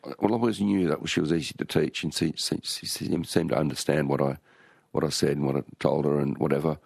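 Very deep gravelly Australian man. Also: fairly even intonation, fairly quick, a little mellow, dry recording, studio quality. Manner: rambling, with frequent restarts and storytelling. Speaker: author and interview guest. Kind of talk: relaxed conversational interview.

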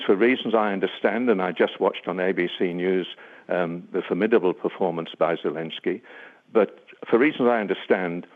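An older man, a defence analyst, answering a radio interviewer gravely and deliberately, with many ums and uhs. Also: low-pitched. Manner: measured, grave, with frequent um and uh. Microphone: phone line. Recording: tinny phone line.

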